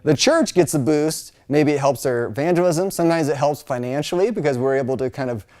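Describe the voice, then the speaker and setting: Chatty, lively American male teacher. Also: a little high, fairly quick. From United States. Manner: chatty, animated, full of fillers, mimics voices. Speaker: Bible college teacher. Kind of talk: casual classroom lecture.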